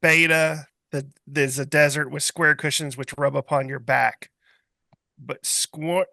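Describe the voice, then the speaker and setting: A man's voice: on the high side, creaky, bright, forceful tone, dry recording, studio quality. A man co-hosting a casual podcast, reading from his notes with jokes. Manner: reading notes aloud, joking. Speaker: podcast co-host. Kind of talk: casual panel chat.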